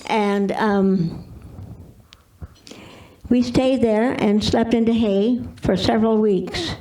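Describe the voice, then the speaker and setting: An older woman telling her personal testimony as an interview guest, halting with restarts and repeats. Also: mid-range voice, steady tone, mellow, distant mic, low-quality recording.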